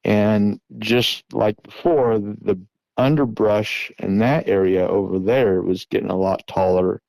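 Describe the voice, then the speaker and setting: A middle-aged man earnestly retelling a tense encounter in the first person, now and then shouting out the calls he made. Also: fairly low pitch, slow, gravelly, no echo, rough recording. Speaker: guest recounting an encounter.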